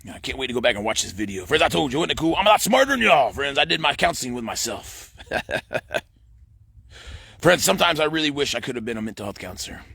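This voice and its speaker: A man's voice: mid-range voice, very fast, vocal fry, hardly any pauses, breathy edge, no echo. A middle-aged man, rambling to a phone camera outdoors and saying "friends" over and over. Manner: says "friends" in nearly every line, rambling and excitable. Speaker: vlogger.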